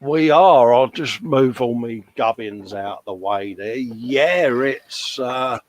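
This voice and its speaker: A man's voice: mid-range voice, takes it slowly, poor audio. A man co-hosting a hobby livestream, casually chatting and reading out viewer comments, calling everyone mate. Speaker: livestream co-host.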